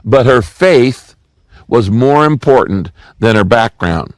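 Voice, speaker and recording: A man's voice: mid-range voice, lively intonation, takes it slowly, no room sound. A male pastor giving a sermon, telling stories earnestly and repeating key lines for emphasis. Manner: earnest storytelling with emphatic repetition.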